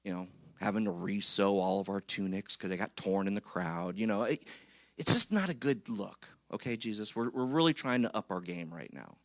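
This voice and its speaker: A man's voice: fairly low pitch, normal speed, dry recording, close to an everyday voice. A man preaching, acting out anxious disciples who plead in a hesitant way. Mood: fretful. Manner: hesitant, pleading, talking himself around. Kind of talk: acted quote in a sermon.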